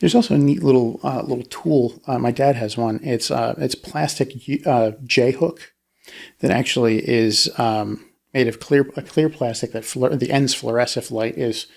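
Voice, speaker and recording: Man, mid pitch, gravelly, casual co-host, explanatory, halting. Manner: explains step by step, with many fillers and restarts. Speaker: podcast co-host. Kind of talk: casual true-crime discussion.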